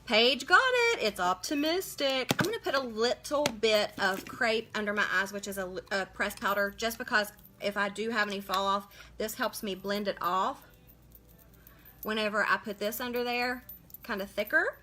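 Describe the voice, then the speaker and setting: A woman's voice: mid-range voice, moderate pace, pushed and bright, soft background music. A woman hosting a casual live makeup tutorial, chatting as she works and greeting viewers by name. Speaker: makeup livestream host.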